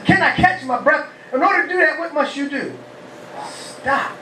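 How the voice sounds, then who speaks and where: A rabbi gives a lively call-and-response sermon, asking the congregation questions and shouting praise. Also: male voice, very high voice, normal speed, noisy background. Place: humid, warm house of worship. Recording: echoey hall, mic far off.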